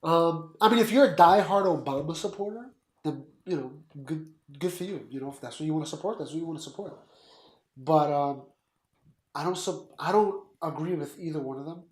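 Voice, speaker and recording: Man, Puerto Rican roots, opinionated podcast co-host, a touch high, echoey room. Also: fairly quick, a little mellow. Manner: blunt, opinionated, talks in quoted asides. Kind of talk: casual political chat.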